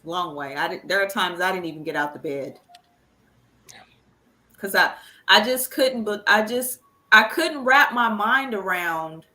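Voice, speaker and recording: Bright-voiced grieving mother, halting speech. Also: mid-range voice, lively intonation, rough recording. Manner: earnest, halting, repeats words when upset. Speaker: guest, mother of the deceased. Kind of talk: emotional conversational interview.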